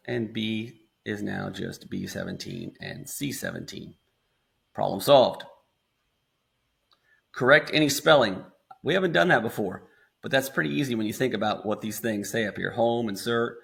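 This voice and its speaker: A man with an American accent casually talking students through a screen-recorded software tutorial step by step. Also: lowish voice, creaky. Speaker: instructor.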